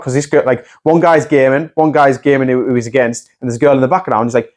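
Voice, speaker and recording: A man's voice: medium pitch, fairly even intonation, fast, hardly any pauses, darkish tone. A man hosting a podcast, chatting casually and swearing freely while he acts out the quotes in his stories. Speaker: podcast host. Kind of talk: casual chat.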